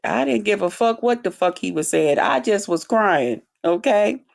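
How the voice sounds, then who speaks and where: A woman vlogger telling a personal story straight to her viewers in a blunt, profane, animated way. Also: mid-range voice, normal speed, gravelly. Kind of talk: casual storytime monologue to viewers.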